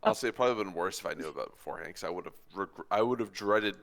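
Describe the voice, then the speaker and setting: Gravelly, low-ish male co-host, wry and offhand. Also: very fast, fairly bright tone, soft background music. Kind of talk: casual stream chat.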